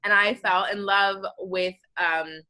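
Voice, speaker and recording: A young woman hosting a podcast, chatting in a lively, rambling storytelling way with lots of fillers. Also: mid-range voice, slow pace. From United States. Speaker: podcast host. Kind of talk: casual interview chat.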